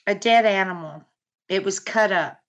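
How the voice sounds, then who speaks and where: A middle-aged woman, a mother, recounting a personal story as a podcast guest, halting and earnest with many fillers. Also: medium pitch, dull audio. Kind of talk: personal account in podcast interview.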